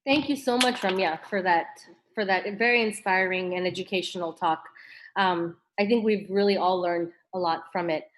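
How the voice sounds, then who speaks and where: A woman's voice: on the low side, normal speed, slight background noise, rough recording. Polite woman moderating questions. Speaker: program host, moderator.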